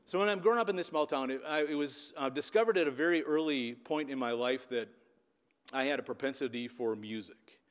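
A man's voice: mid-range voice, fairly quick. A man in his fifties from the Upper Midwest of the US, telling a story in a sermon and often checking in with his listeners. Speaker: preacher and youth leader. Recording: long reverb of a large hall.

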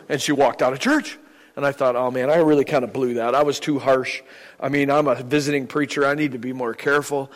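A man's voice: medium pitch, fairly even intonation, fast talker, long reverb tail, poor audio. An older man, a visiting preacher, giving a sermon in a joking, conversational way, acting out little anecdotes. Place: church sanctuary.

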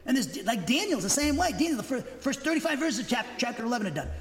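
A pastor preaches in a high-pitched male voice, pressing his points with emphasis. He rambles and restarts his sentences as he goes. The sound rings out in a reverberant hall. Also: sing-song, fast. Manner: rambling, self-correcting, emphatic. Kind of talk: sermon.

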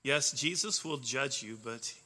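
A man preaching a sermon in an animated way, swinging between loud emphasis and soft asides. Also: mid-range voice, unhurried. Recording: long reverb of a hall.

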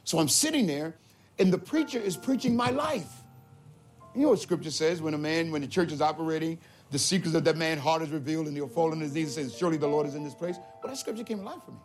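A man with a high voice tells his testimony as a vivid story. He acts out the voices in it, rising high when excited and dropping low and slow when solemn. Soft music plays faintly behind him. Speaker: testimony speaker. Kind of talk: spoken testimony.

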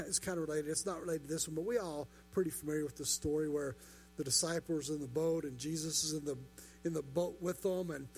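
A pastor preaching a sermon, building his points through rhetorical questions and repetition. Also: a little high.

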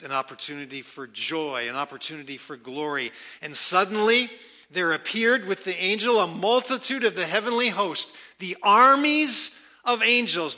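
Bright-voiced emphatic male preacher. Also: sits high. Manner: emphatic, repeats key words with slow deliberate stresses. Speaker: pastor. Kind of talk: sermon.

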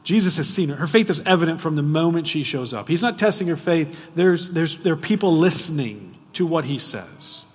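A man preaching a sermon, asking the audience frequent rhetorical questions and swinging between hushed and loud, emphatic delivery. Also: on the high side, animated, fairly quick, hardly any pauses. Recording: long reverb of a large hall.

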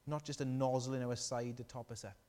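A man preaching a sermon, animated and storytelling, asking the congregation questions. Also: medium pitch, fairly quick, in a large hall.

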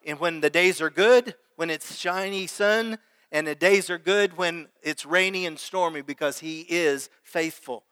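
A pastor preaches a sermon, reading scripture aloud, praying, and calling questions out to his congregation for call-and-response. His voice is a little high, a little slow, bright, clear, and resonant; there's no room sound, yet he's in a large hall.

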